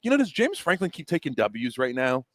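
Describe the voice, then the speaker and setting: A man with an everyday mid-range voice talks college football on a sports radio show, recorded close and dry. He chats in a loose, halting way, restarting his sentences as he goes. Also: medium pitch, huge pitch swings, a bit bright, no room sound. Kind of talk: casual sports talk.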